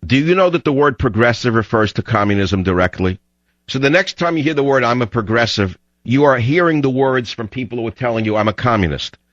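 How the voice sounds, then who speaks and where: Fiery ranting talk radio host. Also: male voice, medium pitch, lively intonation, fairly quick, no echo. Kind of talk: radio monologue. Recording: dull lo-fi radio audio.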